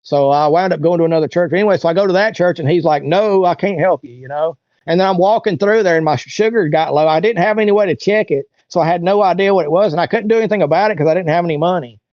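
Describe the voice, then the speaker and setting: A man's voice: high-pitched, fast, no room sound. A man being interviewed, telling a long story in a loose, rambling way and acting out what other people said. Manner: rambling, acts out other people's lines in raised voices. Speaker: interview guest. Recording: dull, lo-fi, dry sound.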